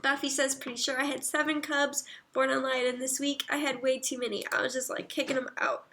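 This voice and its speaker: A woman livestreaming, chatting casually, reading viewer comments aloud and murmuring soft asides. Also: high voice, flat delivery, brisk, slight background noise.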